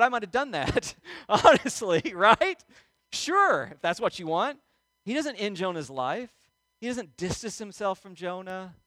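A middle-aged male pastor telling a personal story in a sermon, animated and acting out moments, often checking in with "okay?". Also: sits high, no echo. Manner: animated storyteller, acts out yelling, frequent "okay?" check-ins.

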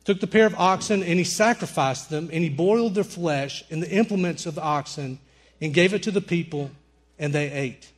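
A middle-aged man preaching a sermon, telling personal stories and softly quoting the people in them. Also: fairly high pitch, moderate pace. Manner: storytelling preacher, quotes people in softer voices. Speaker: pastor.

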